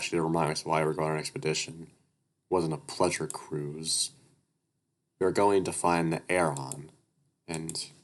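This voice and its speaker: Low-voiced man reading a story game aloud. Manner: loose, profane, asides and stumbles. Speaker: let's-play narrator reading a visual novel aloud. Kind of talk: casual read-through narration. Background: music.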